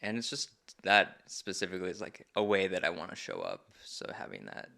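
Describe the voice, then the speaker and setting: A men's group facilitator appears as a podcast guest, talking in an earnest, reflective conversation. His low voice is very animated and fairly quick, with vocal fry and a sharp tone.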